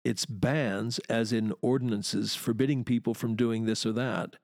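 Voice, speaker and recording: A man delivers a poetry lecture at an unhurried pace, lingering on each important word. His voice carries a gravelly rasp. The recording is close and dry, with no room sound. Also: medium pitch, fairly even intonation, darkish tone, no echo. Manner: deliberate, emphatic, savoring key words. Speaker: literature teacher.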